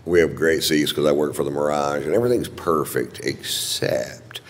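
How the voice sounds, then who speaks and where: A man performing a stand-up comedy set, telling a crude story in a gruff, deadpan way on a theater stage. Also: very deep voice, fairly quick. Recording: live hall with audience noise.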